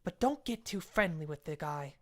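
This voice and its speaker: A woman's voice: sits low, expressive, moderate pace, a little mellow. Woman reads a blunt, suspicious precinct captain; raised and pushy. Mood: commanding. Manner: blunt, commanding orders. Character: gruff male police captain, bossy and suspicious.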